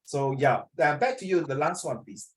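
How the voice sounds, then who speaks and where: A man with a Singaporean accent teaches a classroom lesson, joking with students, quizzing them, and mixing in Mandarin. His voice is fairly high with lively intonation at a moderate pace.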